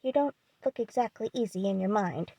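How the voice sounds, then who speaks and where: A spirited young woman from a storybook, brisk and frank, who coaxes where she can, as a woman reads her aloud. The voice is mellow and a bit gravelly, and there is no room sound. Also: medium pitch, no room sound, close to an everyday voice, poor audio. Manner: brisk, direct.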